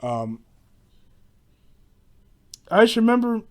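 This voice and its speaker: A man's voice: very high voice, big pitch swings, takes it slowly, darkish tone. A man telling casual stories about past jobs, rambling and profane, with frequent restarts. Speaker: podcast host. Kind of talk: casual solo storytelling rant.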